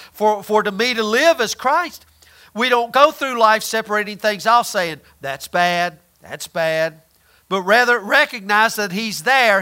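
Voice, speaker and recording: A man's voice: sits high, sharp tone, smooth. A man preaching a conversational sermon, often repeating words and asking his listeners questions.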